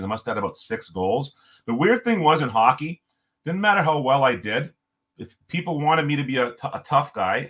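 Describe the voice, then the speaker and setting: A middle-aged man from Jamaica, a former pro hockey player, telling a long story in casual talk and acting out what people said. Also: mid-range voice. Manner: animated storyteller, acts out quotes, many restarts.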